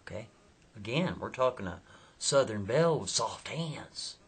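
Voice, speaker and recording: A man spins a casual story in a husky, breathy voice, folksy and chatty, forever nudging the listener with asides. His pitch sits in an everyday middle range. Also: lively intonation, measured pace.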